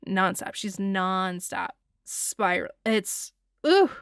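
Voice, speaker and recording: A woman hosting a casual film breakdown, expressive and gushing, swearing freely with sighs and laughs. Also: medium pitch, slow, smooth, no room sound, clean studio sound. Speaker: film reviewer, host.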